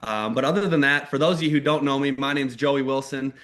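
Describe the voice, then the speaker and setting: A man in his thirties from Minnesota, giving a lively motivational talk with stories on a mentorship call. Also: mid-range voice, fairly quick. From Minnesota, USA. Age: 30s. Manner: energetic, acts out quoted voices loudly. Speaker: network marketing mentor. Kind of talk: motivational storytelling on a group call.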